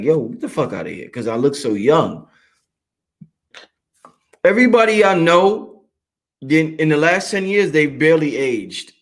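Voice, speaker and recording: A man's voice: on the high side, a bit bright. A man hosting a livestream, talking casually, profane and emphatic, repeating lines for effect. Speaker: livestream host.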